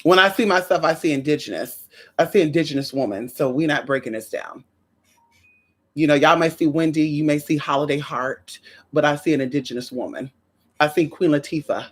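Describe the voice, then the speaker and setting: A woman with a fairly low voice chats on a relaxed livestream, sassy and lively, calling out to her viewers as honey and girl. Her greetings swoop up high, while her asides sink low. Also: brisk. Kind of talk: casual livestream chat.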